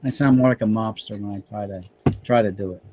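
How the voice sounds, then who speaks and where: A man's voice: lowish voice, fast talker, mellow, slight background noise. A man hosting a casual stream chat, telling rambling stories with many restarts.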